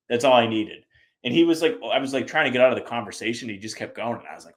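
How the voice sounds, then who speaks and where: A man from the US Northeast, co-hosting a sports podcast in casual chat, animated and acting out the people he quotes. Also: medium pitch, very fast. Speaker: podcast co-host.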